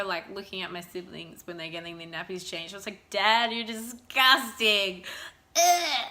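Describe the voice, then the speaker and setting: A young woman, telling stories in a chatty, animated, self-mocking way in a casual vlog. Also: medium pitch. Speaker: vlogger.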